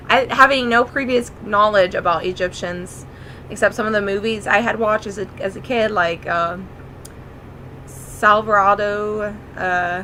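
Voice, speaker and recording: A woman's voice: mid-range voice, sharp tone, slight background noise, low-quality recording. A young woman vlogger earnestly recounting a dream in a rambling, casual monologue full of fillers. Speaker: spiritual vlogger.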